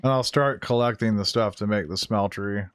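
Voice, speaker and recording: A man's voice: on the low side, a little fast, fairly bright tone, clean tone. A man casually talking through a live game stream, chatty and laughing often, easily startled. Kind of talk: casual gameplay commentary.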